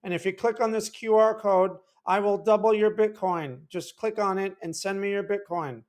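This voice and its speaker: A man's voice: sits high, moderate pace, voice pushed up, natural voice. A man putting on an impression of a smugly certain crypto evangelist with a small, mousy voice. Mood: smug hype.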